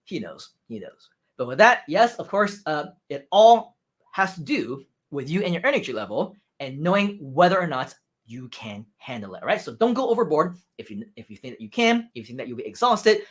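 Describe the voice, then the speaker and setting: A man teaching public speaking on a livestream, energetic and animated, who keeps checking in with "right?". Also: fairly high pitch, a little fast. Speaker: speaking coach. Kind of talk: livestream training talk.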